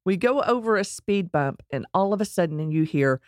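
A middle-aged woman telling a personal story in a casual, animated way, acting out quotes and laughing along. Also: on the low side, moderate pace, no echo, studio quality.

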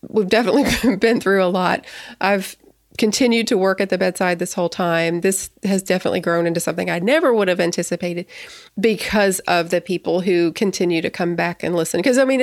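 Woman podcast host, thirties, excitable and rambling, dry close sound. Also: medium pitch, dry recording. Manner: chatty, excitable, rambling with restarts. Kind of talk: casual podcast chat.

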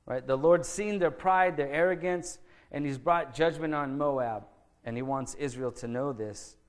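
A man preaching a verse-by-verse sermon as a pastor, reading scripture aloud slowly and then explaining it in a conversational tone with rhetorical questions to the congregation. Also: fairly high pitch. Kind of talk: expository sermon.

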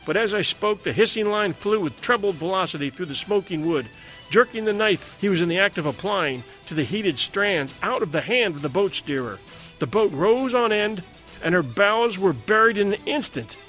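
A man reading a dramatic sea adventure aloud as a narrator, in a measured way. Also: high-pitched, animated, fairly bright tone, soft background music. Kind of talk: scripted story narration.

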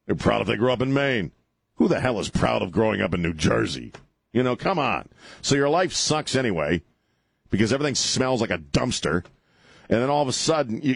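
A middle-aged man hosting a talk radio show, ranting sarcastically and slipping into mocking high voices. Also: gravelly, breathy edge, no room sound.

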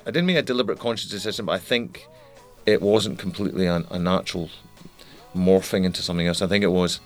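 A musician in an interview, talking candidly, with frequent restarts and the odd swear word. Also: male voice, low-pitched, fast talker, faint music behind. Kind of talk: reflective interview talk.

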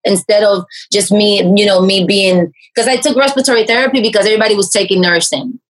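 A woman, a life coach, telling her personal story in an interview, animated and full of fillers and restarts. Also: fast talker, poor audio. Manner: animated storyteller, raises pitch to act out quoted speech.

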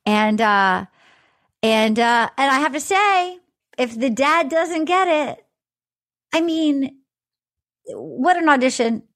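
A woman hosting a casual recap chat, acting out quotes and laughing loudly. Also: sits high, animated, slow, long pauses. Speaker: podcast host.

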